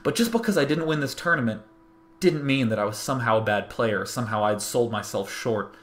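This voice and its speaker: A man's voice: medium pitch, brisk. A young man hosting his own show, telling a personal story in a casual, rambling monologue full of restarts. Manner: animated, rambling, many restarts. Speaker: host.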